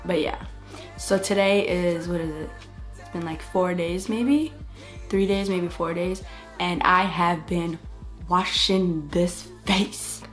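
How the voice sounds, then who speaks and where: A woman's voice: fairly low pitch, slow pace, soft background music. A young woman vlogging a casual story time, retelling events expressively and acting out what others said. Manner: expressive storytelling that acts out other people's lines.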